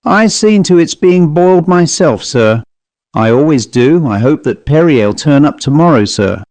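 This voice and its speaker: A man's voice: on the high side, expressive, unhurried, a little mellow, dry recording. A man reading an audiobook, voicing a nervous, fawning male manservant who talks in a raised, cracked voice with ungrammatical, deferential speech. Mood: anxious deferential. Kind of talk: audiobook character voice.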